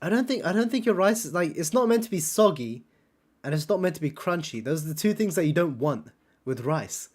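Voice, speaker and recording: A woman's voice: on the low side, animated, brisk, a little mellow. Chatty woman hosting a watch party. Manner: chatty, greets viewers, reacts with laughter. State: slightly under the weather. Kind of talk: casual commentary over clips.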